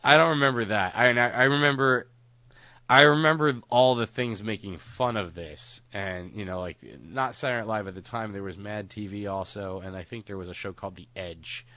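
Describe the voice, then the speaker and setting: A man's voice: fairly low pitch, brisk, bright, forceful tone, dry recording. A man co-hosting a podcast, chatting casually and rambling, with frequent laughs and casual swearing. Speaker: podcast co-host.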